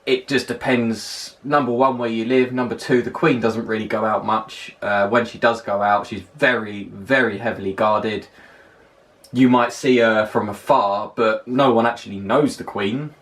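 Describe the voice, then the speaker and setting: A man's voice: on the low side, fairly even intonation, normal speed, a bit bright. A young man with a well-spoken London accent talks through a casual countdown list on his vlog. He is chatty and emphatic and doubles up words for stress. His voice is picked up from a little way off the microphone. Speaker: vlogger. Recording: voice a little distant from the mic.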